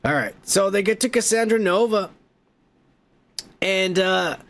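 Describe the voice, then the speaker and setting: High-voiced man casually recapping a movie. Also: a little slow, a bit bright. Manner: rambling, profane, laughing. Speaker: podcast host.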